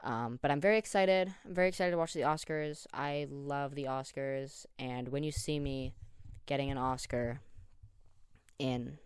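A man's voice: mid-range voice, steady tone, normal speed, clean tone, no room sound, studio quality. A young man in his late teens hosting a casual solo podcast, rambling, joking and teasing himself. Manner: rambling, jokey and self-deprecating. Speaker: podcast host. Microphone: studio headphones with a desk mic.

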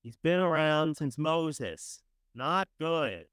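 A man's voice: on the high side, expressive, slow pace, fairly bright tone, smooth, no echo. A man hosting a morning talk show, giving blunt, profane opinions in a casual style. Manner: blunt, profane, swings from scornful to gushing.

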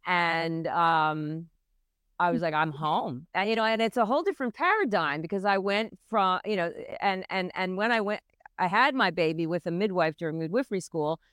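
Smooth-voiced middle-aged woman recounting earnestly. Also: lowish voice, lively intonation, normal speed, a bit bright, no room sound, studio quality. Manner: earnest, intense retelling of a hard memory. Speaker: midwife guest. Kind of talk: personal storytelling in a podcast interview.

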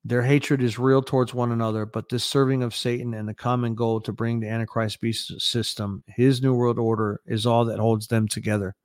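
A man reading as a calm, solemn angel. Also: mid-range voice, moderate pace, few pauses, no room sound, studio quality, lightly acted. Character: gentle heavenly angel, calm and instructive.

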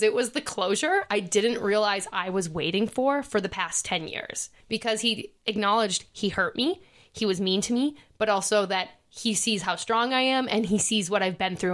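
A woman's voice: mid-range voice, a bit bright. A woman in her thirties hosting a podcast, telling a personal story in a casual chat, laughing often and restarting sentences. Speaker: podcast host.

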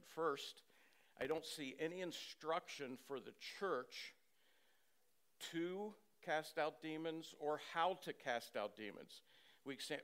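A man, a pastor, giving a conversational Bible-teaching sermon and reading scripture in a measured way. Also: mid-range voice, fairly bright tone.

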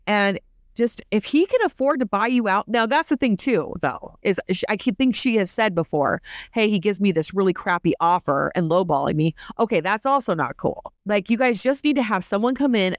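A woman hosting a casual recap podcast, chatty and opinionated, full of quick asides. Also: medium pitch, dry recording, clean studio sound. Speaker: podcast host.

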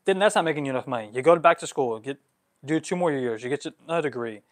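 A vlogger in his twenties answers follower questions on a livestream, talking fast in a mid-range voice. He's animated and gets worked up, sprinkling in lots of "like."

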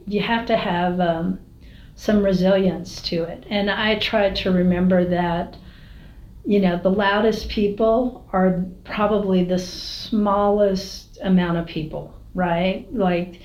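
A woman's voice: medium pitch, a little mellow. A woman who is a mayor, talking candidly in an interview, telling stories with lots of fillers and restarts, with an American accent. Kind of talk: casual interview talk. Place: city hall office. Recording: roomy, slightly dull recording.

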